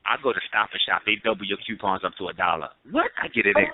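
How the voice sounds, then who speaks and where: A man's voice: fairly low pitch, expressive, rapid-fire, no room sound. A man co-hosting a casual chat, joking and teasing with emphatic delivery. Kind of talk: casual chat on a call-in show. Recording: noisy tinny phone line.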